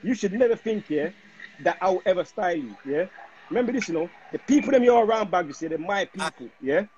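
A man's voice: high voice, animated, fairly quick, a little mellow, dull audio. A man with a lilt, lecturing and repeating himself in a heated livestream argument.

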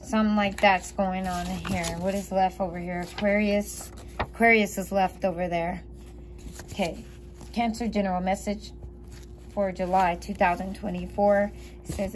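A woman's voice: medium pitch, steady tone, normal speed, a little mellow, a little hiss or hum. A woman reading tarot cards aloud, chatty and giggly, thinking aloud as she goes. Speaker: tarot reader.

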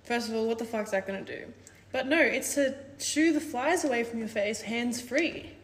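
A woman's voice: a little high, normal speed, reverberant, long reverb tail. A woman with an Australian accent telling a sarcastic story straight to camera. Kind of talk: casual talk to camera.

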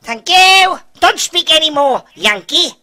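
A man's voice: very high voice, expressive, unhurried, pushed and bright. A man with a Welsh accent in online game voice chat, mocking and swearing in long strings of insults. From Wales. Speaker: gamer in online lobby. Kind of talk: heated gaming voice chat.

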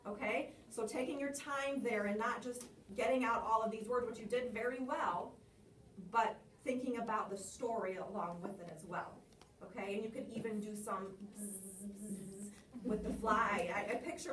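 A woman's voice: a little high, steady tone, moderate pace, fairly bright tone, recorded from a distance, slight background noise. Encouraging woman teacher, echoey room. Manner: encouraging, asks guiding questions. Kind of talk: coaching a student's recitation.

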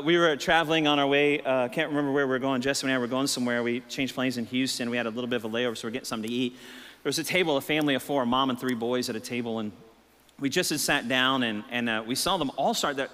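A middle-aged Texan man, a pastor, preaching a sermon and telling stories, swinging between low, relaxed storytelling and emphatic, raised peaks. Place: church sanctuary. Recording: reverberant church hall.

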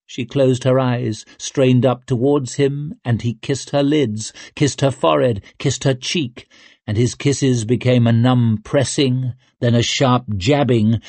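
Slow, husky male audiobook narrator. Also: medium pitch, no room sound. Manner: measured, even storytelling. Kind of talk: scripted narration.

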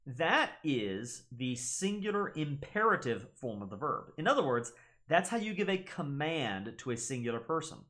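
Animated man explaining Latin pronunciation. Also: on the high side, moderate pace. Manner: animated, repeats words to demonstrate pronunciation. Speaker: gaming channel host teaching Latin. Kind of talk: casual explanatory lesson.

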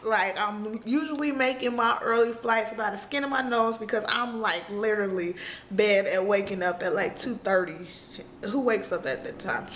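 A woman's voice: on the high side, fairly bright tone. A young woman vlogger telling a story in casual chat, tearful and laughing through it, still crying as she talks.

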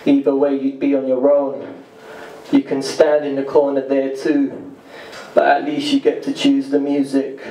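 Gloomy inner voice guy played by a man, flat and slow, echoey room far from the mic. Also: mid-range voice, lightly acted. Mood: grumbling. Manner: rapid self-critical rambling. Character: nagging male inner voice, anxious and cynical. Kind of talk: spoken word poetry performance. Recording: echoey live room, distant mic, noisy.

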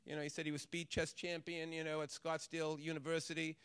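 A man's voice: on the high side, flat delivery, quick pace, a bit bright, smooth, dry recording, lightly acted. A man voicing a tough teenage boy who talks in a heartfelt, wondering way about a grown-up who believes in him. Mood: fond. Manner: wondering, heartfelt inner talk.

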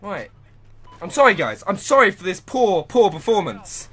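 A young man giving live gameplay commentary, muttering to himself one moment and shouting at the game the next. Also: high voice, sing-song, normal speed, breathy edge. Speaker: gaming channel host.

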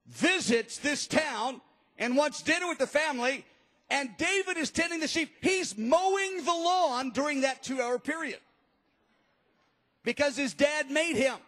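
A man preaching a sermon, telling the story in an animated, emphatic way. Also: extremely high pitch, measured pace. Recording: long reverb of a large hall.

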